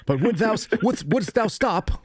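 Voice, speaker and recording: A man's voice: high voice, animated, normal speed, a little hiss or hum, pitched above the performer's own voice. A man putting on a meek, pleading Quaker pacifist. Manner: mock-polite, old-fashioned phrasing.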